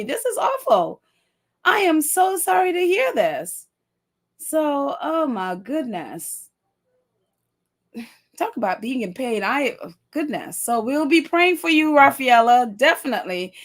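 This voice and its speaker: A woman hosting a casual livestream, chatting warmly and reading out viewer comments with many fillers. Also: sits high. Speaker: livestream host.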